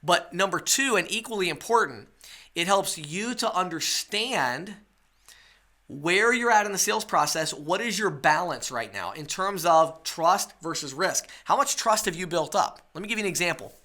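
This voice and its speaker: A man's voice: high-pitched, expressive, normal speed, bright, forceful tone. A man teaching a webinar sales lesson, coaching his listeners and checking in with rhetorical questions. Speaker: sales trainer.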